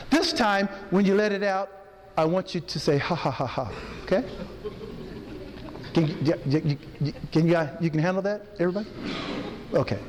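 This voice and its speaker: Man, chaplain leading a workshop; high, unhurried delivery; echoey hotel hall. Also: darkish tone, a little hiss or hum. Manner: coaching an audience through breathing, demonstrates laughter. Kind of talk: interactive workshop talk. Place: hotel event room. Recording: long hall reverb, faint ambience.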